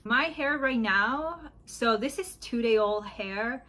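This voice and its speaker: A woman in her thirties rambles cheerfully through a makeup session for her YouTube beauty channel, shot at home on a phone's rear camera with frequent laughter. Her voice is a little high and sharp with lively intonation and a slow pace; the audio is poor, with a slight hiss or hum.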